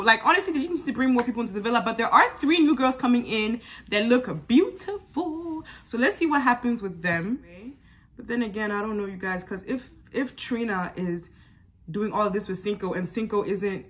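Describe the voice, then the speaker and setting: A woman's voice: on the high side, a bit bright. A woman giving a casual, chatty recap of a reality dating show, addressing her viewers directly and laughing often. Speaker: YouTube reality TV reviewer.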